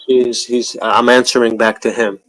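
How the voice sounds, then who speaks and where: A man's voice: medium pitch, flat delivery, normal speed, fairly bright tone, no echo, rough recording. A man with a New York accent hosting a livestream, rambling in crude, profane casual chat. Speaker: livestream host.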